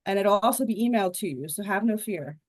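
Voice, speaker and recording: A woman's voice: medium pitch, animated, fast talker, a little mellow. Chatty woman hosting a live webinar. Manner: upbeat, chatty. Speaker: webinar host. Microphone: video call.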